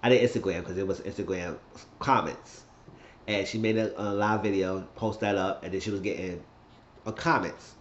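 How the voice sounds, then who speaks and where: A man's voice: low voice, fairly even intonation, normal speed. A man casually recapping a TV episode, telling it as a rambling story with asides and cursing. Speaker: TV show recap host. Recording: roomy, dull lo-fi sound.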